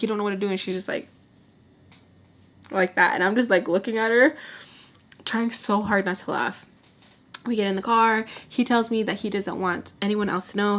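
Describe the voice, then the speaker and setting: A woman vlogger telling a storytime in a casual, animated way, acting out the people in it, swearing freely and dropping in Spanish words. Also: medium pitch. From Texas. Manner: animated, swears a lot, acts out voices, mixes in Spanish.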